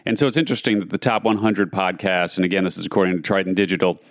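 A very low-voiced man co-hosts a podcast news show and runs through report figures in an energetic, chatty way, often restarting mid-sentence. His voice sounds close and dry, with no room echo around it. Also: rapid-fire. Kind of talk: industry news podcast chat.

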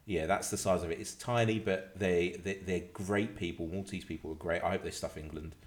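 Low-voiced man bantering and laughing. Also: steady tone, brisk. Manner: laughs often, rambling and playful. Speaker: podcast co-host. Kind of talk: casual banter.

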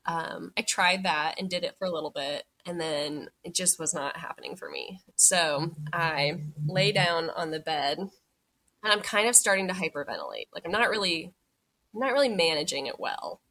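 Woman, lowish voice, casual storytelling, lots of "like", replays her own past lines. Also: expressive, normal speed, sharp tone. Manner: chatty, many "like" fillers, acts out her own past words. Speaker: podcast guest telling her birth story.

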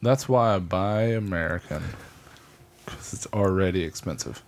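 A man co-hosting a casual chat with sarcastic, deadpan jokes. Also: sits low, moderate pace. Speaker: podcast co-host.

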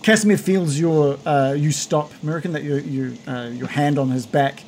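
A man's voice: a little high, moderate pace, darkish tone, slight background noise. A man narrating as game master, rambling and correcting himself as he describes the scene. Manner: rambling, self-correcting, chuckling.

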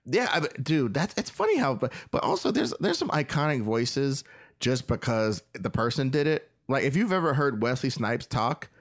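A man co-hosting a podcast in casual, excitable chat, swearing and laughing often. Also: mid-range voice, normal speed. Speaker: podcast co-host.

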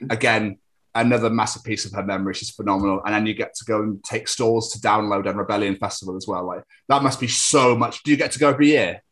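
A man co-hosting an interview podcast in an easygoing, agreeable way, often laughing along. His voice sits somewhat low. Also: fast, a bit bright. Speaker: podcast co-host. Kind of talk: casual interview chat.

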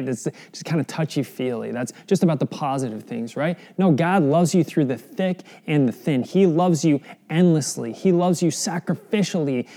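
A man's voice: a little high, dark tone. A young adult man preaching a sermon in an earnest, conversational way, often asking the listeners questions. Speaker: pastor.

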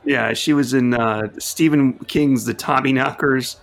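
A man with a gravelly edge to his mid-pitched voice talks through a movie on a podcast. He recounts scenes with animated, laughing energy, in a casual conversational tone. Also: unhurried. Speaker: podcast co-host, lawyer. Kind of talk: casual film discussion.

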